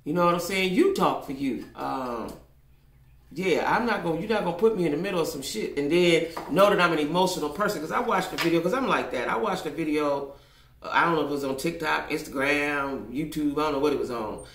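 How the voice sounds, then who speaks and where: A woman's voice: deep voice, quick pace, a bit bright. An older woman giving blunt, profane commentary in a casual vlog, repeating herself for emphasis. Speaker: vlogger. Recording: echoey room.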